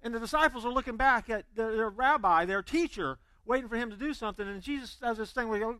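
A man preaching a sermon, telling stories with energy and acting out the quotes, then dropping to quiet intensity. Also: very high-pitched, fast, few pauses, no room sound, low-quality recording. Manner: animated storytelling, acting out quotes. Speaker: pastor.

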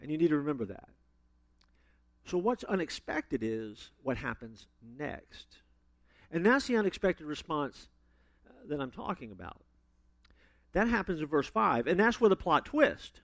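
A man preaching a sermon, telling stories with sudden loud emphasis and playful asides. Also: a little high, sing-song, unhurried, long pauses, no echo.

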